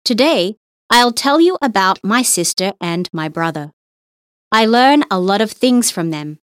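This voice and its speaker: A woman reading English listening-test passages slowly and with careful enunciation. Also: mid-range voice, expressive, dry recording, studio quality. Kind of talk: scripted exam reading.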